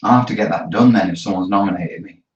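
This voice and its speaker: A man with a low voice talks fast while hosting a live stream for his terrain-building hobby channel, chatting casually with viewers as he works. He comes across as chatty and easygoing. The audio is roomy and distant, with a dull mic.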